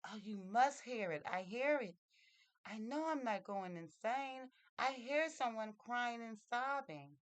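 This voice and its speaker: A woman's voice: on the high side, expressive, measured pace, no echo, voice pushed up. A woman voicing a frail young girl who pleads and insists, in a raised voice. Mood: insistent.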